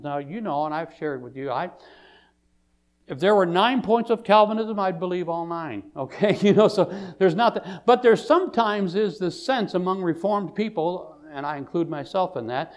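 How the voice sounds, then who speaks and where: A man preaching a sermon, swinging from loud declarations to quiet, soft passages and often repeating words as he builds a point. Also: a little high, animated, unhurried. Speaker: pastor.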